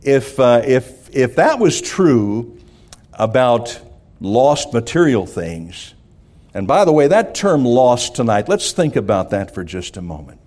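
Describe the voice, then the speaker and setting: A man's voice: mid-range voice, very animated, slow pace, darkish tone. A man preaching a sermon, telling a folksy childhood farm story and asking the congregation "amen?".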